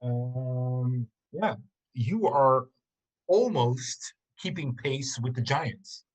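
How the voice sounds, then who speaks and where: A man acting as game master in an online tabletop game, speaking in a hesitant, measured way with many ums. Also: mid-range voice, expressive. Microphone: video call.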